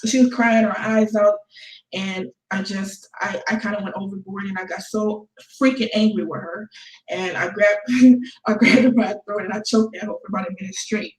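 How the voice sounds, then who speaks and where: A woman's voice: medium pitch, steady tone, normal speed. Flippant teenage girl in an echoey room. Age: late teens. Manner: flippant, laughing between sentences. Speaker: vlogger. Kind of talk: casual confessional vlog.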